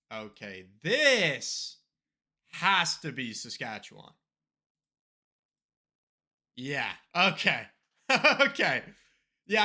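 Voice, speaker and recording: A man's voice: high voice, sharp tone. Loose, profane male streamer thinking aloud. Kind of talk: live stream game commentary.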